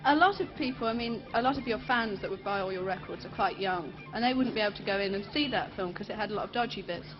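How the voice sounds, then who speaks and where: A woman's voice: medium pitch, quick pace, few pauses, music in the background. Cheeky female TV interviewer. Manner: cheeky, playful, mocking. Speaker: TV show presenter interviewing a guest. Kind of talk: teasing TV interview. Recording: dull 1980s TV sound.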